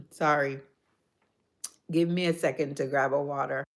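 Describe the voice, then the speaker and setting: A woman chats on her livestream, rambling through stories and answering viewers at an unhurried, drawn-out pace. Her voice sits a little low, and she sounds eager whenever she gets onto food. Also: fairly even intonation. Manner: chatty, rambling storyteller; enthusiastic about food. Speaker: livestream host. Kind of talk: casual chat answering viewers.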